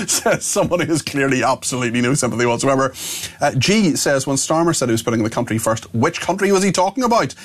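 A man's voice: medium pitch, lively intonation, fast. A man hosting a talk radio show, reading out listener texts and chatting with a guest in a wry, loose way full of ums and uhs.

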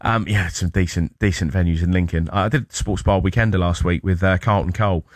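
British male radio host, low voice, dry studio sound, chatty and rambling. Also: steady tone, brisk, no room sound. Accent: British English. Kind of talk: casual radio chat. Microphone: studio mic.

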